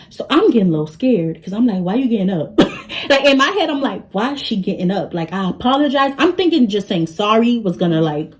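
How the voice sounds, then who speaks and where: Young woman, storytime vlogger, lively delivery, slightly high voice. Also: poor audio. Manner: animated, talks straight to the audience. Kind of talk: storytime vlog.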